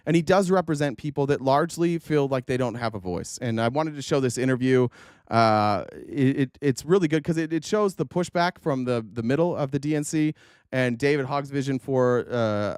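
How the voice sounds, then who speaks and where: A man's voice: mid-range voice, darkish tone, clean tone, no room sound, clean studio sound. A man hosting a political commentary stream, talking casually with many fillers, restarts and swearing.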